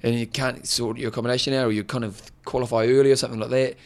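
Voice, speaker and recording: Brief: podcast co-host, man, quick and gravelly, teasing banter. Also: medium pitch, little pitch movement. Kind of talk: casual chat.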